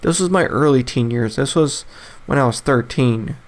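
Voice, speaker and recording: A man's voice: medium pitch, normal speed. A young man in his twenties talks alone on his casual podcast. He rambles loosely, stacks up fillers and false starts, and laughs often between thoughts. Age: 20s. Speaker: podcast host. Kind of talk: casual solo podcast monologue.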